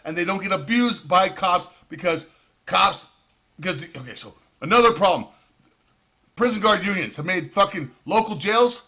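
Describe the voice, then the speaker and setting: A man's voice: high voice, bright, forceful tone. A man ranting in profane, heated commentary with sarcastic outbursts. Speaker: vlogger.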